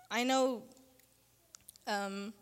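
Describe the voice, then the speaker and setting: A woman giving a spoken church testimony, earnest and halting, with repeated fillers. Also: fairly high pitch, clear, resonant tone, in a large hall.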